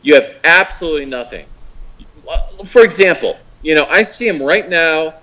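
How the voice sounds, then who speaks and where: A fairly high-voiced American man calls in and rants, his pitch leaping and dropping as he mocks someone. He swears freely and his tone stays scornful throughout. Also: normal speed, low-quality recording. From United States. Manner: profane, mocking, animated ranting. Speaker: caller. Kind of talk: heated call-in rant.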